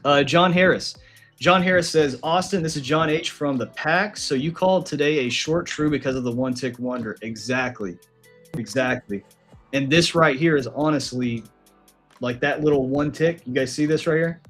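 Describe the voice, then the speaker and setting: A man hosting a live day-trading stream, chatting casually in a relaxed, slangy way and reading out viewer comments. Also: a little high, moderate pace, faint music behind. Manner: relaxed, slangy, talks to his dog and chat readers. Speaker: day trading show host.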